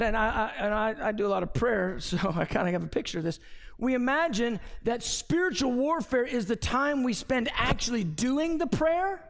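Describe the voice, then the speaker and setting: A man's voice: very high-pitched, fairly bright tone. A man preaching a sermon as pastor, conversational, with anecdotes and asides, in a church sanctuary. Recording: long reverb from a large hall.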